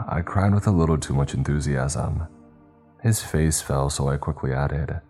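A man reading a horror story aloud in steady, measured, scripted narration. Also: extremely low pitch, soft background music.

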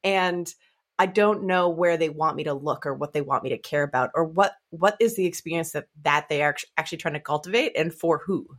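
Female podcast guest, lowish voice, expressive and musing. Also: a little fast. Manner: expressive, musing, acts out quotes. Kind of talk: casual chat.

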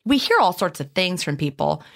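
A woman's voice: on the low side, big pitch swings, moderate pace, vocal fry. A woman co-hosting a podcast, chatting casually and reading listener questions aloud. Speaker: podcast co-host.

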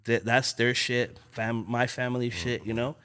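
A man's voice: mid-range voice, normal speed, clean tone. A young man from Los Angeles telling street stories in casual chat, acting out voices as he goes. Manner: animated, acts out voices in stories. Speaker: guest. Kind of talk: casual storytelling.

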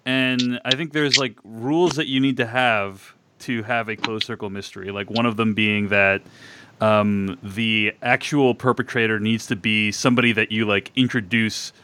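A man hosting a live podcast, asking curious, measured questions. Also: medium pitch, sharp tone, slight background noise. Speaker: podcast host.

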